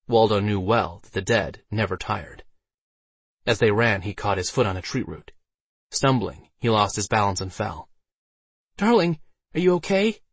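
A man narrating a fantasy audiobook with steady storytelling delivery. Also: on the low side, normal speed, husky, dry recording.

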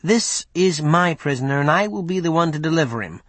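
A man's voice: a little high, animated, brisk, a bit bright, no room sound. A man doing a bold, persuasive rebel leader. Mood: urgent.

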